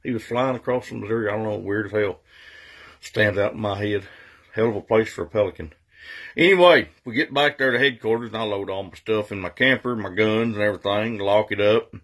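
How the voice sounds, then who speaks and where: A middle-aged man spins a casual ranch story. His voice sits a little low, and his telling is folksy and dryly funny. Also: fairly quick, fairly bright tone. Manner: folksy cowboy yarn-spinning with dry humor.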